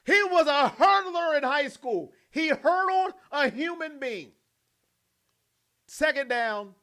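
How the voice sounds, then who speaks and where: A young man with a high, bright voice calls a football game play by play as an excited fan. He rattles off formations and handoffs, then jumps into jokey, animated asides. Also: takes it slowly. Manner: animated, jokey, mimics players in quoted voices. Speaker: fan commentator.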